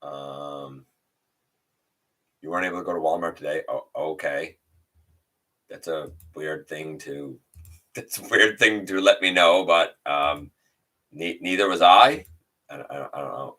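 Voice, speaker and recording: Hosting a casual livestream, this man calls out viewers by name and reads their comments, his talk loose and full of fillers and restarts. He has a very deep voice that sounds pushed and bright, at a moderate pace.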